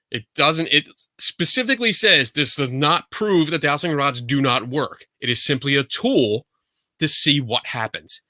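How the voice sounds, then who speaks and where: A man hosting a podcast, telling a story in a casual, animated, rambling way from a home setup. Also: mid-range voice, dry recording, studio quality. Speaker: podcast host. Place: home setup for a virtual show.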